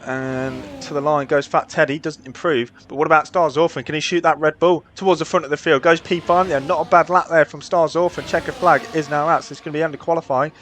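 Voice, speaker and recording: A man's voice: fairly high pitch, steady tone, fast talker, few pauses, fairly bright tone, slight background noise. A man doing upbeat play-by-play commentary for a live sim racing session, with frequent filler uhs.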